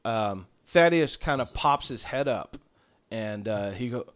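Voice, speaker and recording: A man's voice: medium pitch, expressive, moderate pace, clean tone. A man running a tabletop game as game master, narrating in a loose, rambling way.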